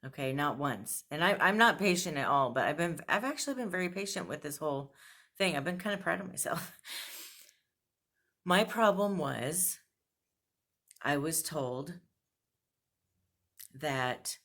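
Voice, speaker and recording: A woman's voice: low voice, expressive, unhurried, pauses often, fairly bright tone. A woman vlogger venting to camera, blunt and frustrated, laughing between complaints. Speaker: fashion subscription box vlogger.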